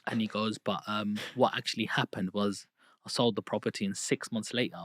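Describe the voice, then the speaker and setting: A man's voice: on the low side, brisk, no echo. A man in his thirties, a podcast guest, talking casually and telling stories that act out other people's words. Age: 30s. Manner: lively storyteller who acts out quoted dialogue. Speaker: guest, property investor. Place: podcast studio booth.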